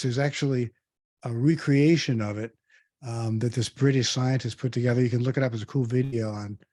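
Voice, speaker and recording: A man's voice: mid-range voice, mellow, dry recording, studio quality. A man in his sixties giving a conversational online presentation, quizzing the audience between frequent ums. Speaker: guest speaker.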